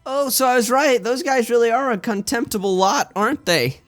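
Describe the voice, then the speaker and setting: A bold young woman from a visual novel, blunt and a little teasing, put on by a man reading her lines. The voice is raised well above his normal pitch. It is recorded dry and close, with faint music behind. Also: brisk, fairly bright tone, no echo. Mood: curious. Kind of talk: reading game dialogue aloud.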